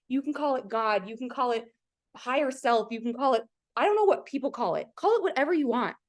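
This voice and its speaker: This woman's voice is high and a little mellow. Leading a coaching call over video, she earnestly recounts an emotional story from her own life, chatting freely, peppering it with "like," and turning to ask her listeners questions directly.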